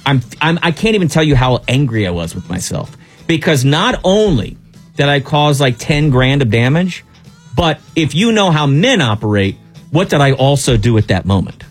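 A man's voice: on the high side, big pitch swings, moderate pace, soft background music. A man hosting a radio show, telling a long personal story in a casual, exasperated way with lots of restarts.

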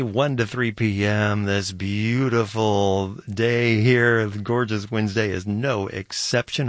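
Playful low-voiced radio host, dry studio sound. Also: male voice, no echo. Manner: playful, chatty, amused asides. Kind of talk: classical radio announcing. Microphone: studio microphone.

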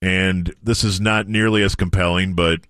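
A man's voice: low-pitched, fairly even intonation, normal speed, a bit bright, clear, resonant tone, no room sound, clean studio sound. A man from Wisconsin co-hosting a sports radio show, chatting casually with wry, teasing banter.

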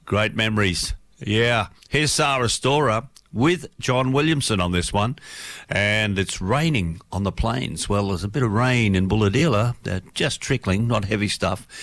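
A man's voice: lowish voice, a little slow, a bit bright, no room sound. An Australian man presenting a radio show, telling stories in a rambling, folksy way into a studio microphone.

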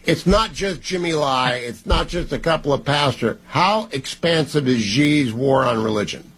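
A man's voice: medium pitch, lively intonation, normal speed, fairly bright tone, breathy edge. A man hosting a talk radio interview in a chatty way, with small stumbles.

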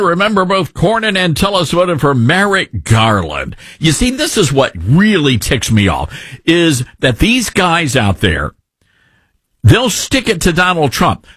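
A middle-aged man with a husky, slightly raised voice hosts call-in talk radio. His delivery is lively and swinging, full of sarcastic jabs and opinionated commentary, recorded dry and close. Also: a little high, dry recording. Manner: sarcastic, mocks others with put-on voices. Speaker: call-in radio show host.

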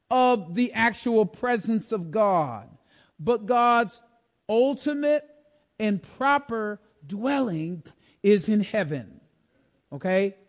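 A man preaching a Bible-teaching sermon, lively and emphatic, often asking the congregation questions. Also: sits high, takes it slowly.

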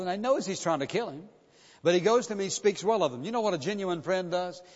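A man preaching a sermon, reading verses aloud and then turning to ask his congregation pointed questions. His voice sits a little high for a man. It comes through dull and lo-fi, with a long reverb trailing off in a big church sanctuary. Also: expressive, fast. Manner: expository preaching, reads scripture then challenges hearers.

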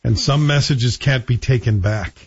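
A male morning radio host with a slightly husky voice talks in a loose, conversational way, offering opinions and asking his guest questions. The sound is dry and close, with a somewhat dull, muffled broadcast quality. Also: mid-range voice, normal speed, darkish tone, dry recording. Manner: conversational, opinionated, chuckles between points. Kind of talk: casual talk radio chat. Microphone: studio microphone.

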